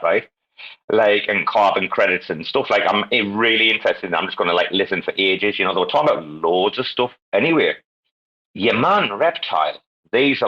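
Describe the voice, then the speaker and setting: A man's voice: lowish voice, highs cut off. A man hosting a casual online voice chat, rambling and swearing freely, laughing often. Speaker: podcast host. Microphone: online audio chat.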